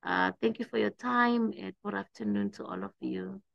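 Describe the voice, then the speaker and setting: Woman, teacher, exam revision lesson, gravelly voice, dry close sound. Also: mid-range voice, very animated, no echo, lo-fi sound. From South Africa. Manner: explains slowly, restating points with hesitant fillers.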